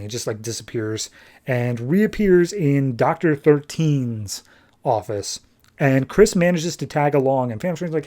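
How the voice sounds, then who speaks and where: A man casually recapping a comic book issue on a podcast, retelling the plot loosely and tossing in quick offhand voices for the characters. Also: mid-range voice, lively intonation, a little mellow. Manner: loose and chatty, with fillers and restarts.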